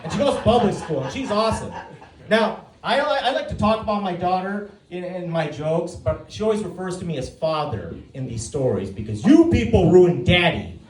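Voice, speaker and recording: A stand-up comedian in his forties performs before a live audience, telling family stories in a dry way and acting out other people's lines. His high voice is animated and at normal speed, picked up from a distance with roomy stage sound and audience laughter.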